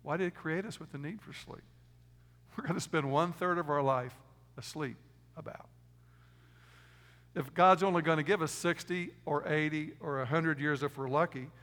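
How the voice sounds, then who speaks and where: A man preaching a sermon, moving from emphatic loud stresses to quiet low asides. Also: long reverb tail. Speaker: pastor.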